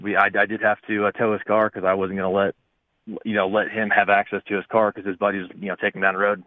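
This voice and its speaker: Brief: thirties male cop caller, quick relaxed talker, dry phone sound. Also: lowish voice, no room sound. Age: 30s. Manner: fast, easygoing, full of restarts. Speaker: police officer, call-in guest. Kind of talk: casual radio chat. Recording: tinny phone line.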